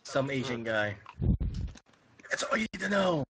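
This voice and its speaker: A man's voice: medium pitch, sing-song, measured pace, heavy background noise. A man hosting a casual wrestling podcast, loose and joking, laughing often. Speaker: podcast host. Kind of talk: casual chat.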